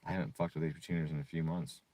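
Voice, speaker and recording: A man's voice: extremely low pitch, little pitch movement, mellow, dry recording. A man casually walking through a tuning website, cursing freely and breaking into irritated rants. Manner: profane, quick to rant. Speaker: car tuner and streamer. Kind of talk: casual profane screen walkthrough.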